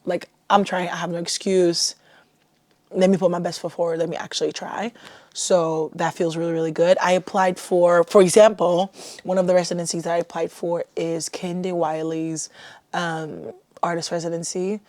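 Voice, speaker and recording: A woman's voice: fairly low pitch, level tone, moderate pace, a little mellow, dry recording. A young woman from Haiti hosting her own podcast, talking casually and self-deprecatingly with lots of "like.". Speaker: podcast host. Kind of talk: casual solo podcast chat.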